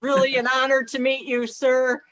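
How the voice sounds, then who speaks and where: A woman's voice: high-pitched, little pitch movement, normal speed, a bit bright, no room sound. A woman improvising an eager, earnest new lawn worker. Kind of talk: improv comedy scene.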